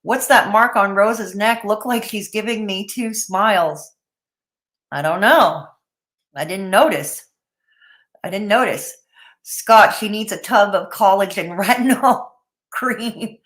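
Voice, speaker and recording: A woman's voice: mid-range voice, slow, fairly bright tone. A woman hosting a casual livestream, blunt and opinionated, greeting chat viewers by name between comments. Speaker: livestream host.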